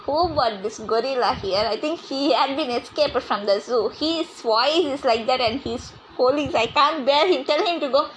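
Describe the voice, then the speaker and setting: Brief: woman voicing a high-pitched, bickering grandmother in a comedy cooking skit. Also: normal speed, few pauses, slight background noise, natural voice, low-quality recording. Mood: scolding. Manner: scolding, bossy, bickering. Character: bossy scolding grandmother, cooking show.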